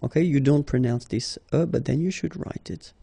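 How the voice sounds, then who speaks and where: A man's voice: medium pitch, creaky, warm tone, husky, no room sound. A man with a French accent teaching a language lesson, patient and explanatory. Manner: patient and explanatory, slow and deliberate.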